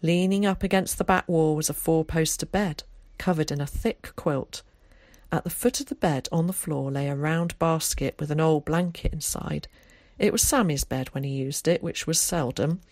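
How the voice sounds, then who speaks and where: A woman reading an audiobook aloud in a steady, measured way. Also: low voice, dry recording. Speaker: audiobook narrator. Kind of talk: scripted audiobook narration.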